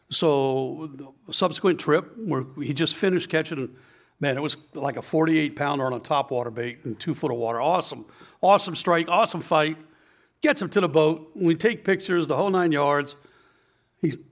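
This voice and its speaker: A middle-aged man, a fishing guide giving blunt, folksy advice and telling stories in a casual talk. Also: fairly high pitch.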